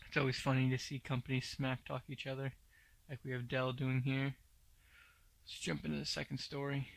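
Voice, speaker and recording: A man's voice: mid-range voice, vocal fry, no room sound. A man hosting a tech news podcast, giving blunt, opinionated commentary with many fillers. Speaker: podcast host.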